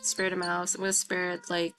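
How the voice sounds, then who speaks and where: A woman's voice: on the low side, completely flat delivery, brisk, music in the background. A woman streamer reading a visual novel aloud while playing, reacting with gasps and apologies between lines.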